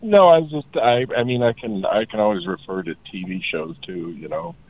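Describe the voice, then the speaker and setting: A man's voice: fairly low pitch, fairly quick. A man calling into a radio show, friendly and hesitant, often stammering and restarting his sentences. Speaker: caller. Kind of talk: phone-in chat. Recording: tinny phone line.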